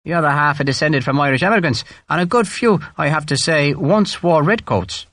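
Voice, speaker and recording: A man's voice: fairly high pitch, brisk, fairly bright tone, dry recording, natural voice. A man voicing a middle-ranking army major who speaks in a dry, wry, disapproving way.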